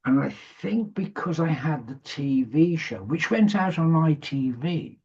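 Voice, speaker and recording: A man's voice: fairly high pitch, animated, unhurried, darkish tone, breathy edge. A middle-aged man, a former radio DJ, telling rambling, sweary anecdotes in a casual interview. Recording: muffled lo-fi sound.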